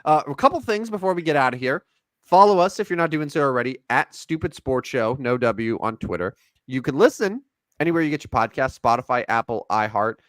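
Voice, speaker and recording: Lively, jokey man co-hosting a sports podcast. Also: mid-range voice, a little fast, dry recording. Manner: rambling, jokey, animated sign-off. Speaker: podcast co-host. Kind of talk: casual sports podcast chat.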